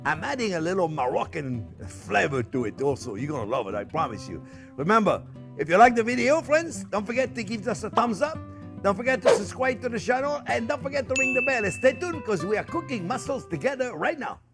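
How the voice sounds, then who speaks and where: An older man with a French accent, a chef and host, runs a casual cooking demonstration in his home kitchen with soft background music playing. His voice is high-pitched, very animated, a little fast and fairly bright, and he's chatty and joking, full of fillers and restarts.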